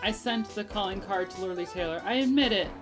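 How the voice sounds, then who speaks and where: A woman voicing a jittery young man who eagerly insists he is guilty, in a shrill, over-eager way, while reading game dialogue aloud. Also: fairly quick, music in the background, lightly acted. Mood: pleading. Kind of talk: game dialogue read-along.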